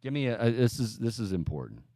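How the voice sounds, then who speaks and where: A male sports radio host talks in a loose, chatty way, stumbling and restarting as he thinks aloud. His voice sits at an ordinary pitch, and it comes across close and dry with no room around it. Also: big pitch swings, fast talker, mellow, dry recording. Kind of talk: casual sports talk radio.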